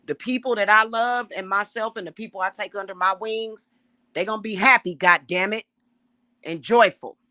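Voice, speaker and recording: Middle-aged woman, spiritual reader, defiant profane rant, mid-pitched voice, dry close recording. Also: steady tone, moderate pace, sharp tone, no room sound. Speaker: self-styled high priestess and spiritual reader. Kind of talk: casual spiritual rant to camera.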